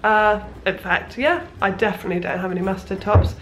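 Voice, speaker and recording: A young woman who vlogs about sewing chats casually at her parents' house, rambling with plenty of ums, fillers and restarts. Her voice is mid-range and a little fast.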